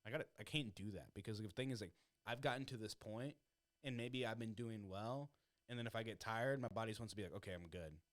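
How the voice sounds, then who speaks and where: A young man hosts a podcast in a loose, animated chat and swears freely as he goes. His voice sits low, and he talks fast, the words tumbling out quickly. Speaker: podcast host. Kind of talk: casual chat.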